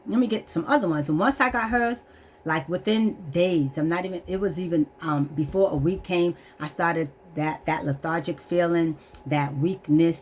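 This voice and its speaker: A woman's voice: sits low, darkish tone, a little hiss or hum. A middle-aged woman telling a candid, earnest personal testimony about her struggles, repeating herself and holding back tears. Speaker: vlogger.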